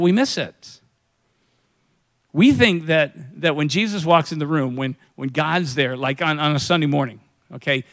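A man's voice: on the high side, a bit bright. A man preaching a sermon in a conversational way, asking his congregation questions and acting out what people say. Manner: conversational preaching, acts out quoted voices, asks the congregation questions. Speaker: pastor.

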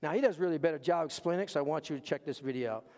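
A man with a notably high voice preaches to his church. He leans hard on repeated phrases and swings from hushed asides to raised, pointed lines. His words ring out with the long reverb of a big sanctuary. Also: rapid-fire. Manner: emphatic, repeats key phrases, swings between quiet asides and raised punchlines. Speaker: pastor. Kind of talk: sermon. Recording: long reverb of a large hall.

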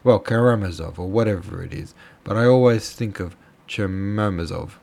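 A man's voice: on the low side, moderate pace, gravelly, darkish tone. A man voicing a half-mad crippled older mother who rambles on with self-pity. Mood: rambling. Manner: rambling, aggrieved.

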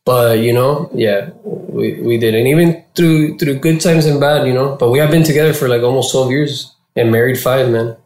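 A man from Florida, a guest in an interview, telling his story casually with heavy slang and swearing, and getting animated when he quotes people. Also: mid-range voice, normal speed, hardly any pauses. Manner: profane and slangy, animated when quoting others. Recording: roomy echo.

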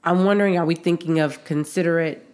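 A woman co-hosting a podcast in casual chat, affirming her partner and quick to agree and laugh. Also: lowish voice, fairly even intonation, a little mellow, smooth. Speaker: podcast co-host.

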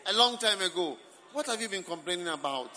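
A man with a Ghanaian accent, a bishop preaching to a camp gathering, teasing and joking with the congregation and breaking into shouts. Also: sits high, fairly quick. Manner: teasing, animated, bursts into shouts and laughter. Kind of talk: lively sermon with banter. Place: large church camp gathering. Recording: live crowd and noise behind.

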